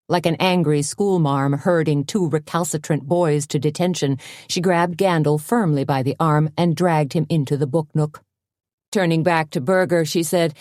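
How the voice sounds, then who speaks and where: Low, mellow woman narrating a mystery. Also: normal speed, dry recording, studio quality. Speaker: audiobook narrator. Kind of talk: scripted narration.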